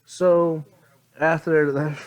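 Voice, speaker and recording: Very slow and level in tone, this man's fairly high voice drags through an improvised fan story told casually into a phone. He's sleepy and yawning, rambling with lots of fillers, self-corrections and cursing.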